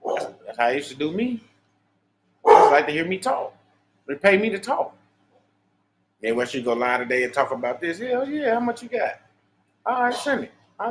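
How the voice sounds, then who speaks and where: A man's voice: sits high, slight background noise. A man, hosting a livestream and ranting in a profane, preachy, boastful way. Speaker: livestream host. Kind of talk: unscripted livestream monologue.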